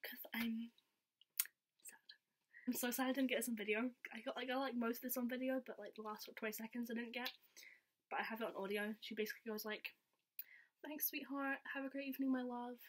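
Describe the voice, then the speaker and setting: A woman's voice: fairly high pitch, steady tone, quick pace. A young woman vlogger telling a story in casual chat, giggly and saying "like" a lot. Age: young adult. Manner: chatty, giggly, says "like" a lot.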